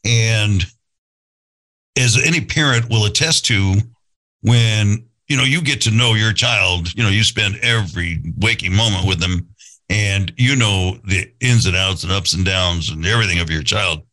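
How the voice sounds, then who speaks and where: A man's voice: lowish voice, a little slow, pushed and bright, low-quality recording. A man in his sixties, a podcast host, telling his own life story in an earnest, reflective, conversational way, thinking aloud as he goes. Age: 60s.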